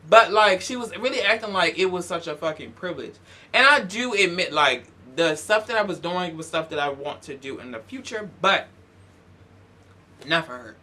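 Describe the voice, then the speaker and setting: A young man telling a story in a casual vlog, animated, profane and sassy. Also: high voice, normal speed. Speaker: YouTuber.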